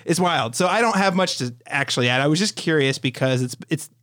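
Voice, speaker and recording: Guy cohosting a podcast, mid pitch, kinda halting, dead dry room. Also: dry recording. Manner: relaxed, hesitant with repeated starts. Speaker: podcast co-host. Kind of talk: casual chat.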